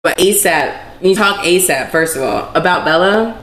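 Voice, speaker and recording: A woman's voice: fairly low pitch, expressive, a little fast, fairly bright tone. A woman co-hosting a podcast, telling a story animatedly, full of "like" fillers. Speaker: podcast co-host. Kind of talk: casual chat. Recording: echoey room with background hiss.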